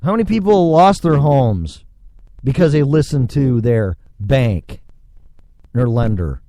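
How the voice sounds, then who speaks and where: A man's voice: medium pitch, animated, slow pace, dark tone, no echo. A man hosting a solo podcast, ranting sarcastically and swearing freely into a microphone. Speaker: podcast host. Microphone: studio microphone.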